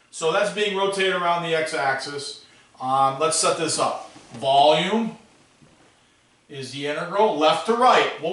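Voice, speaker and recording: A man teaching a classroom math lesson, animated and playful, asking students questions as he works. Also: a little high. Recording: echoey classroom, voice from far off.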